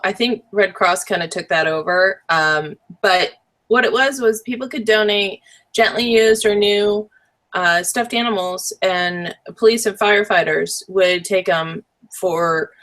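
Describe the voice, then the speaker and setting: Woman cohost, mid pitch, dry jokey asides, kinda rambly. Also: a bit bright. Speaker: co-host. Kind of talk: casual chat.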